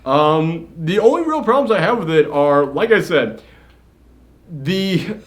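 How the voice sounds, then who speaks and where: Young male co-host, excitable, profane, fairly high voice, casual review banter. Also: a little slow. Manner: excitable, swears freely, acts out quotes. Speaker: co-host of a movie review show. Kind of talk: casual movie review chat.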